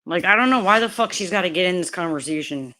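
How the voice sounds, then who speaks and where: Fast-talking and animated, this woman has a fairly low voice with a pushed, bright edge. She's hosting a casual livestream from New Jersey, USA, and rants angrily, swearing and repeating herself often.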